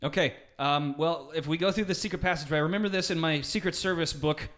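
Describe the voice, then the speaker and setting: A man hosting a comedy podcast, improvising a silly sketch with guests in a playful, excitable way. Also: a little high, quick pace. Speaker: podcast host.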